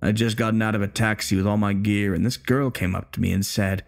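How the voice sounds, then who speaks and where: A man voicing a bitter, crude, hostile older male war veteran who talks slowly, menacingly and profanely. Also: fairly low pitch, steady tone, vocal fry.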